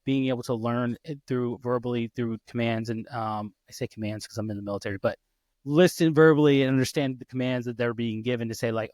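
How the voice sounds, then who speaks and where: A man in his thirties hosting a casual podcast interview, lively and quick to act out his kids' voices. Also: mid-range voice, no echo, studio quality. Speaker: podcast host.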